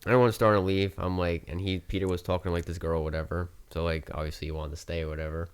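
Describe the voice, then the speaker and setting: Give me a young guy from New Jersey with a lowish voice telling a loose, profane story. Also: little pitch movement, racing, clear, resonant tone. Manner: rambling, filler-heavy, profane anecdote telling. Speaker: podcast guest. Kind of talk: casual chat storytelling.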